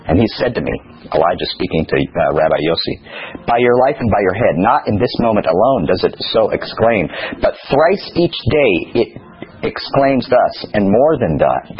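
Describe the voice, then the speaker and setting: A man's voice: fairly low pitch, sing-song, moderate pace, lo-fi sound. A man leading a study class, reading a text aloud and then putting rhetorical questions to his listeners. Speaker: teacher.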